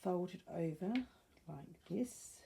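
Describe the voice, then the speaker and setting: Taking it slowly, an Australian woman with a fairly low, creaky, warm voice rambles through a casual crafting vlog, thinking aloud and correcting herself. She's a sewing crafter in a wooden-floored room at home, picked up by a nearby camera, with slight background noise.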